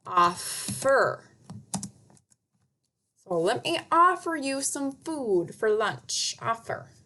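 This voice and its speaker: A woman teacher giving a recorded spelling lesson to young children, repeating each word slowly and patiently. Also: medium pitch, bright, forceful tone, a little hiss or hum. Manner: slow, patient, over-enunciated word drills.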